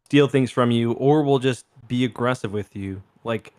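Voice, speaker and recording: A man's voice: mid-range voice, normal speed, a little mellow. A man from Canada co-hosting a podcast, telling rambling stories in casual chat with some swearing. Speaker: podcast co-host.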